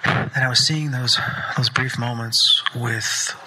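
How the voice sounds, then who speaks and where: A man hosting a podcast, earnestly telling a personal story and often sinking into a breathy near-whisper. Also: mid-range voice, fairly even intonation, slow, pushed and bright, slight background noise, poor audio. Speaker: podcast host.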